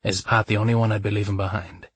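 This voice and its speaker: Brooding guy in a romance story, man reading him, low husky voice, dry close sound. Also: level tone, quick pace, dry recording. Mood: low, tender. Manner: low, intimate, sometimes gruff. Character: brooding man, protective and passionate lover.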